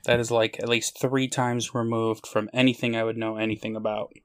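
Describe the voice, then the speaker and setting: A man's voice: lowish voice, little pitch movement, brisk. A man co-hosting a casual podcast, adding short, dry, wry comments. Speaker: podcast co-host. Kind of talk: casual chat.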